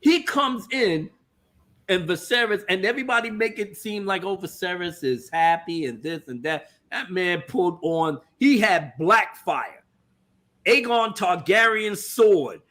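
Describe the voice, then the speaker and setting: A man, hosting a casual TV review and excitedly acting out scenes in exaggerated voices while swearing freely. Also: high voice, a little slow. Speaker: podcast host reviewing a TV episode. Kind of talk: animated casual recap.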